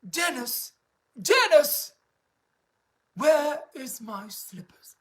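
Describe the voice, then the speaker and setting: A woman doing an impression of a stern older female prime minister, speaking slowly with a stiff upper lip. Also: high-pitched, big pitch swings, pitched above the performer's own voice, full character voice. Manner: slow, clipped, barely moving the lips.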